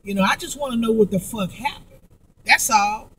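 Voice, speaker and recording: A woman's voice: a little high, moderate pace, a bit bright, breathy edge, recorded from a distance. A woman vlogger in a profane, angry monologue, repeating herself and stumbling through restarts. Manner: profane, emphatic, repetitive, with heavy stammered restarts.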